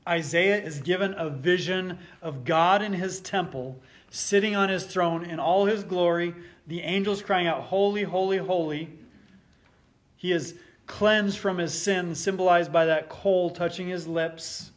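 A pastor preaches a sermon in a voice pitched a little above the typical male range. Unhurried and with hardly any pauses, he reads scripture with mounting force, then drops back to explain it plainly.

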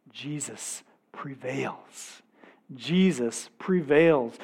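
Unhurried male preacher, slightly high voice. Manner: measured, earnest preaching with dramatic pauses and quiet emphasis. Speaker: pastor. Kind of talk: sermon.

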